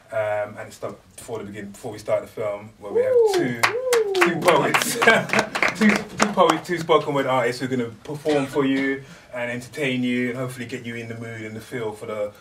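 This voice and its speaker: A man promoting a film and introducing poets at an event, halting with restarts. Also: mid-range voice, distant mic, a little hiss or hum. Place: event venue.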